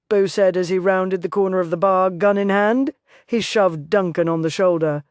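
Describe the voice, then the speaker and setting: Dry, steady audiobook narrator. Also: mid-range voice, moderate pace, no room sound. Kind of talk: scripted narration of a Western romance.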